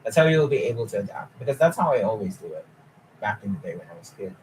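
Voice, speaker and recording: A man's voice: lowish voice, big pitch swings, fast, darkish tone, a little hiss or hum, low-quality recording. A young man talking casually on a live stream, chatty and often laughing as he answers chat.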